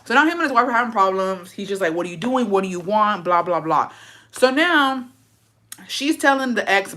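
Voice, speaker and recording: A young female vlogger casually recaps a show, cursing freely and acting out the characters' lines in put-on voices. She speaks at medium pitch and a moderate pace.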